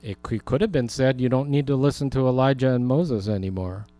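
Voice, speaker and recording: A man's voice: medium pitch, a little fast, mellow, no echo. Conversational male pastor teaching scripture. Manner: conversational, humorous asides, laughs. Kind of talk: sermon, Bible teaching.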